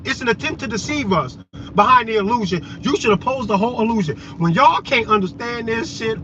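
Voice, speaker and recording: A man delivering a heated, profane, confrontational rant straight to his viewers. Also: sits high. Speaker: vlogger. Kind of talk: ranting monologue to viewers. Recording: dull lo-fi audio with loud road noise.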